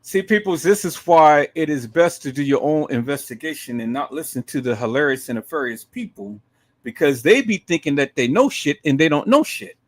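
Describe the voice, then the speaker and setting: A man hosting a live stream, giving emphatic commentary to his viewers, dropping to low murmurs and rising to shouted outbursts. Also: lively intonation, normal speed. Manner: emphatic, repeatedly addresses viewers as "peoples".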